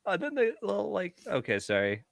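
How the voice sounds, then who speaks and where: A man's voice: high voice, wildly swooping pitch, moderate pace, vocal fry, no room sound. A man co-hosting a casual film podcast. He talks in a laid-back way, riffs on jokes and laughs often. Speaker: podcast co-host. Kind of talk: casual film-review chat.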